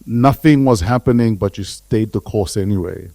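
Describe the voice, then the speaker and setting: A man's voice: fairly low pitch, moderate pace, gravelly, no room sound. Playful South African-born male host. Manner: lively, playful introductions. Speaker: podcast host. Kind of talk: upbeat interview hosting.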